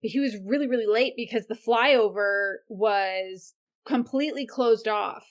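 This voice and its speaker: Easygoing woman podcast co-host, higher voice. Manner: easygoing, quick backchannel responses. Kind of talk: casual chat.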